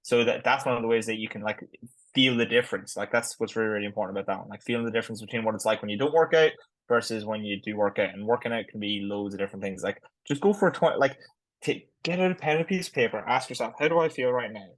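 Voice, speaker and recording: Fast-talking man, chatty. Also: fairly low pitch, no room sound, poor audio. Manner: quick, chatty, sprinkled with "like". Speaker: podcast co-host. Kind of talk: casual chat.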